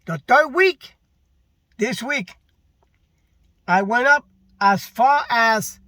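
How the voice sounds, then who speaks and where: A man's voice: extremely high pitch, animated, very slow, pushed and bright, dry recording. A delivery driver ranting in a casual vlog, frustrated and repetitive, stressing his complaints with emphasis.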